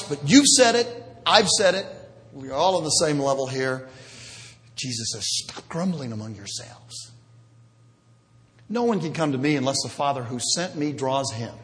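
A man preaching a sermon, animated and jokey, with sudden loud bursts. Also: mid-range voice, big-room sound. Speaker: pastor.

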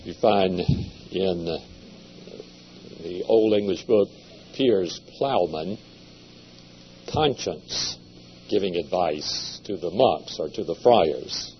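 A man giving a seminary lecture in a measured, deliberate way, with occasional hesitations. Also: low-pitched, husky. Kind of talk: classroom lecture. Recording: dull lo-fi lecture recording with faint hum.

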